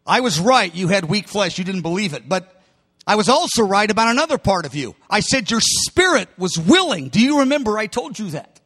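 A man preaching a sermon voices Jesus as a gentle, insistent man who patiently repeats his questions. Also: high-pitched, very animated, brisk, slightly rough, heavily acted. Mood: tender. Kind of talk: sermon storytelling.

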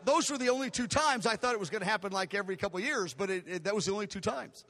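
An older male pastor races through a sermon story in a high, slightly bright voice, full of emotion and drama as he acts out the dialogue. The large hall adds long reverb.

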